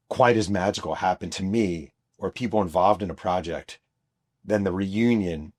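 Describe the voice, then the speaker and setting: A middle-aged man hosting his own show, telling a story in an emphatic monologue that acts out the people he quotes. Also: deep voice. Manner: emphatic, re-enacts quoted voices. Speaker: host, author and journalist.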